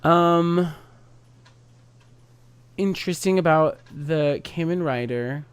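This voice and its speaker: Rambling man streamer with a higher voice. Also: slow pace, clean tone, no echo, soft background music. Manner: rambling, full of "like" fillers. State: tipsy. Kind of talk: casual game stream chat.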